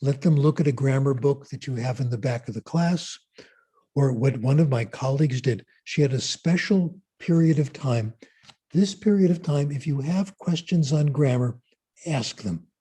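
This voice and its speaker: A man giving a conference lecture, asking rhetorical questions and answering them in an emphatic, deliberate way. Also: medium pitch, dark tone, slightly rough. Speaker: conference speaker. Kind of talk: lecture on language learning.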